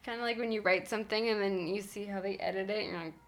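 A young woman co-hosting a podcast, chatting in a relaxed way, laughing often and filling her speech with "like". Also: mid-range voice, fast. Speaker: podcast co-host. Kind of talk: casual chat.

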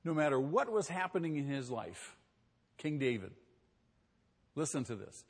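Husky-voiced man preaching with fervor. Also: fairly high pitch, big pitch swings, moderate pace, pauses often, long reverb tail. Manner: emphatic, swings between quiet and loud, rhetorical questions. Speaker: pastor. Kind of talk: sermon.

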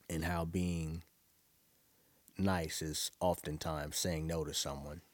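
A young man from Brooklyn, New York speaks in a rumbling low voice with no room sound. He delivers a casual monologue to his listeners, telling stories in a loose, rambling, profane way and laughing often.

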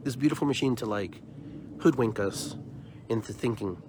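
A man's voice: medium pitch, moderate pace, noisy background. A man hosting a podcast, delivering an emphatic, opinionated monologue and often repeating words as he builds his point. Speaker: podcast host.

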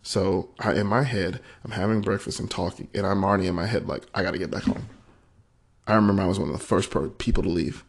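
A man with a very low, gravelly voice recounts a personal story on his podcast. He talks in a candid, emotional, conversational way, and there's a husky edge to his tone. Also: fairly even intonation, fast. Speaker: podcast host.

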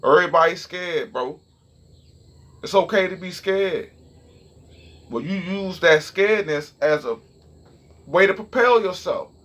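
A man's voice: high voice, a little slow, long pauses, fairly bright tone. A young man telling a story and ranting in a casual, profane, heated way straight to his viewers. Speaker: vlogger.

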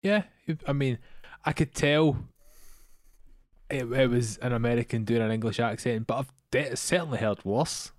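A young Scottish man co-hosting a podcast, giving measured, critical opinions about a film in casual chat. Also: medium pitch, no room sound, studio quality. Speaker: podcast co-host.

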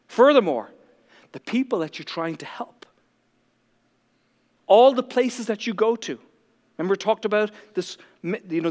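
A male pastor preaching with fiery, confrontational passion. His voice is notably high, and it echoes with a long hall reverb. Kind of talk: sermon.

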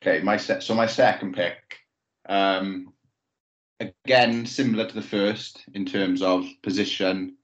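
A man co-hosting a podcast, talking in a measured way and building up trivia with pauses and ums. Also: fairly low pitch, steady tone, highs cut off. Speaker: podcast co-host. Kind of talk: casual podcast banter.

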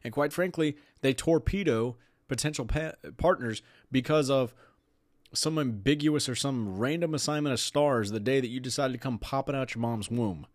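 A man's voice: mid-range voice, normal speed, no room sound, clean studio sound. Sarcastic man hosting a podcast. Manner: sarcastic, opinionated, laughs while reading aloud. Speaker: podcast host. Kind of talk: casual podcast commentary.

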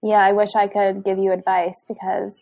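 A woman joining a casual chat as co-host. She mostly offers short, supportive reactions and light laughs. Her voice sits at a middle pitch. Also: flat delivery, normal speed, warm tone. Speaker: podcast co-host.

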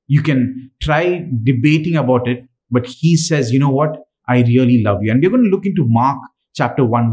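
A man's voice: medium pitch, darkish tone, rough recording. Earnest man preaching a sermon. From Dubai. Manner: earnest, with frequent fillers and restarts. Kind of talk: sermon with scripture reading.

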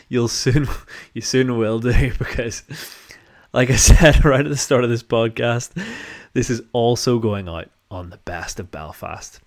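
A man with a North Down accent from Northern Ireland, hosting a casual, self-mocking podcast monologue. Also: medium pitch. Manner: chatty, self-mocking, laughs often. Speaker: podcast host.

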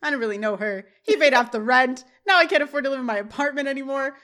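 A woman voicing a panicked young man who shouts frantically. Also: high-pitched, racing. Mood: frantic. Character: panicked young man losing his roommate.

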